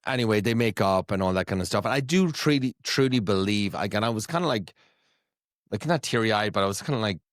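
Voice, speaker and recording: A man's voice: lowish voice, expressive, fairly quick, no room sound. Guy host gossiping about tv, laughs a lot, swears, dry close sound. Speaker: podcast host. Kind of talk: casual chat recapping reality TV.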